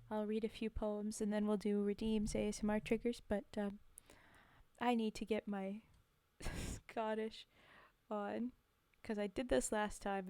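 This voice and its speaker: Woman streamer, halting casual chat, slow and dry-close. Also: medium pitch, clear, resonant tone, dry recording. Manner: halting, full of soft fillers. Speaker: streamer reading poetry.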